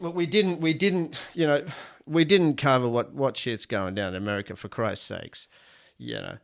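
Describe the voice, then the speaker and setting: Over loud background music, a middle-aged Australian man hosts his own podcast, telling crude, rambling jokes and sharing opinions with lots of swearing. His medium-pitched voice is creaky, with lively intonation and normal speed.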